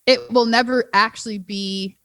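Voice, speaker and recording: A woman from Minnesota chatting as a podcast guest, her voice bright and sitting a little high. She talks in an animated way, building points through examples and playful quoted lines. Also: normal speed, no room sound. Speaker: dating coach and podcast guest. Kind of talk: casual podcast chat.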